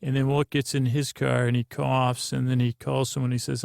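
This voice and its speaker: A man hosting a bedtime podcast, rambling slowly and aimlessly with many fillers. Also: medium pitch, flat delivery, vocal fry, a little mellow, no room sound, studio quality. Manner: meandering and slow, with many fillers. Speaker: podcast host. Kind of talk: drowsy bedtime podcast monologue.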